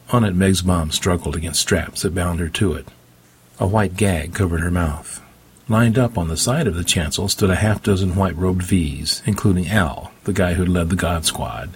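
A male narrator reads a first-person story with a dry, wry touch. His voice is deep and strongly husky. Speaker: audiobook narrator.

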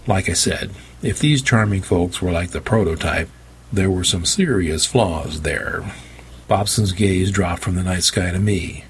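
A man narrating a story in the first person with a wry, deadpan delivery and a husky voice. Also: deep voice, a little slow, slight background noise. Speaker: audiobook narrator.

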